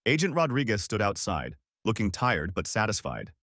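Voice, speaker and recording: A man narrating a first-person revenge story audiobook in a calm, grim manner. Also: lowish voice, moderate pace, no room sound, clean studio sound.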